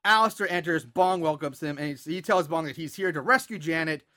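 A man with a high, bright voice casually walks through a movie's plot on a podcast. He stumbles over his words, laughs often and talks loosely. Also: brisk. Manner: relaxed, laughing, retelling plot with filler words. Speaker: podcast host.

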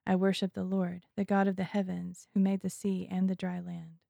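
A humble, repentant prophet, read by a woman in her own low voice prays in solemn, measured words. The tone is dark and gravelly, and the sound is dry and close. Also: monotone, no echo. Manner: solemn, prayerful.

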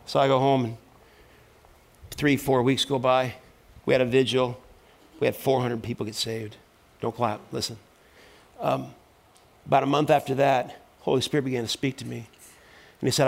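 A middle-aged man preaching a sermon in a church, telling stories and building up to loud, fervent exhortation. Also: medium pitch, little pitch movement, normal speed, creaky. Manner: storytelling, voice rising to loud preaching. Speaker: pastor.

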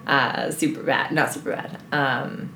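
A woman's voice: extremely low pitch, fairly even intonation, unhurried, sharp tone, reverberant, a little hiss or hum. A woman in her thirties in casual chat, joking often and laughing as she talks. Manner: laughs often, jokey, trails off. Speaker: co-host.

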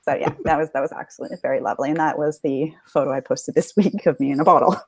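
A woman's voice: deep voice, fast talker, slight background noise. A young American woman chatting casually on a podcast, a bubbly storyteller who laughs often. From United States. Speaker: podcast guest. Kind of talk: casual chat.

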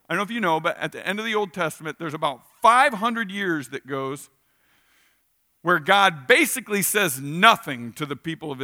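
A man preaching a weekend sermon in a casual, animated way, acting out little asides. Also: sits high. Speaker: pastor.

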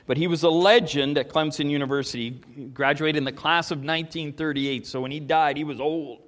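A man preaching a sermon, telling stories with emphatic swings between loud and soft. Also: fairly high pitch, fairly even intonation, fairly quick, big-room sound. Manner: storytelling, emphatic, rises and drops in volume.

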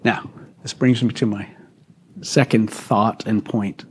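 A man's voice: on the low side, fairly even intonation, takes it slowly, a little hiss or hum. A man, a pastor, preaching a conversational sermon to his congregation, asking questions and laughing often. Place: church hall.

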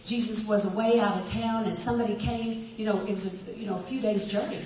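A woman pastor preaching a sermon, telling the story with animated acted-out voices and frequent laughter. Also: medium pitch, fairly quick, a little hiss or hum. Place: church hall with a congregation. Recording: echoey hall, voice from far off.

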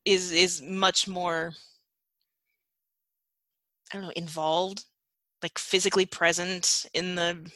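Bright-voiced woman host, halting questions. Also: on the low side, level tone, no room sound. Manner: halting, searching for words. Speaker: podcast host. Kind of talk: casual interview.

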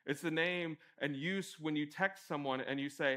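A young male pastor preaching in a relaxed, conversational tone, slightly higher-pitched than most men. He jokes at his own expense and acts out people calling to each other. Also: normal speed. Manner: conversational, self-deprecating, animated when acting out calls. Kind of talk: sermon.

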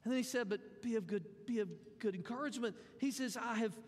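A man preaching a sermon in a folksy, animated way, tossing in acted asides. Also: very high voice, fairly quick. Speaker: pastor. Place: church sanctuary. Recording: church hall with long reverb.

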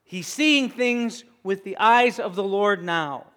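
A man preaching a sermon, retelling a scripture story with animated, conversational asides. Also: sits high, slow pace. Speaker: pastor. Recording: echoey hall.

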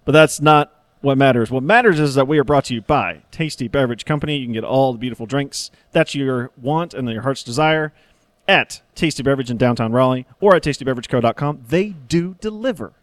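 A man's voice: mid-range voice, fairly quick, dry recording. Laughing man hosting a podcast. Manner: laughs often, trips over words. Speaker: podcast host. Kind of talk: casual podcast chat.

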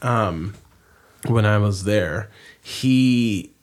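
A man's voice: lowish voice, extremely slow. Rambling man telling a story. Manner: rambling, restarts sentences, swears freely. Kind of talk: casual storytelling chat.

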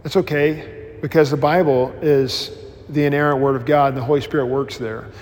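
Rambling pastor, lightly high voice, hall echo. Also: male voice, normal speed. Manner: rambling, animated storytelling with many restarts; self-deprecating humor. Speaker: pastor teaching a new member class. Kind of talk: informal Bible class teaching.

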